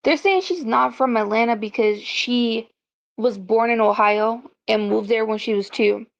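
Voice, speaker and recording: A woman's voice: a little high, unhurried, creaky. A woman from South Carolina, giving opinionated casual commentary as a vlogger. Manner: opinionated, ranting. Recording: dull lo-fi recording.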